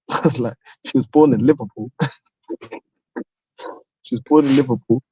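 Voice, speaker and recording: Host, male, husky, dry close sound, loose slangy storyteller. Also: mid-range voice, unhurried, mellow, no echo, poor audio. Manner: laid-back storytelling, London slang. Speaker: channel host. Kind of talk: casual chat on a live stream.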